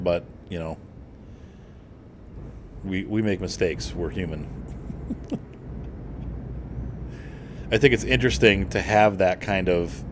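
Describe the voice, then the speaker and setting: Low-voiced rambling American man. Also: a little hiss or hum. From United States. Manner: rambling, thinking aloud with many fillers and restarts. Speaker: gaming channel host. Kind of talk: casual gameplay commentary.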